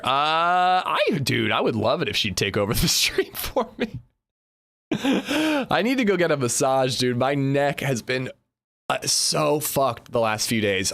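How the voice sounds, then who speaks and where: A man's voice: medium pitch, fairly bright tone. A man in his thirties chatting casually on a game livestream, greeting viewers and joking between gameplay remarks. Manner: chatty, greets chat by name, jokey. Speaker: game streamer.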